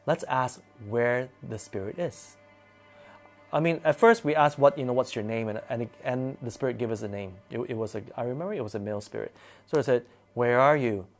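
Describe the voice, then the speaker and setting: Animated male storyteller. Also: medium pitch, fast talker, faint music behind. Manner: animated, dramatic delivery. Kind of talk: casual spoken storytelling.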